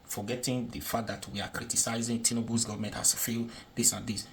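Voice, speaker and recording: A man's voice: medium pitch, flat delivery, fast talker, slight background noise. A Nigerian man giving casual political commentary on a video, chatty and repetitive, often checking that the viewer understands.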